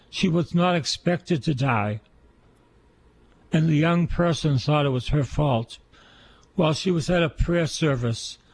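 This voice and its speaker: A man's voice: a little high, slightly rough. A man, a priest, giving an earnest sermon on scripture and repeating key phrases for emphasis.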